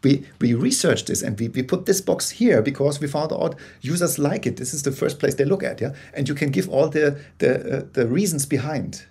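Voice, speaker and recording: A man, a guest on an interview podcast, explaining ideas in a lively, conversational way over a call, with many restarts. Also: a little high, moderate pace, hardly any pauses, slightly rough. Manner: many restarts, animated bursts, laughs. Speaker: guest, corporate storyteller.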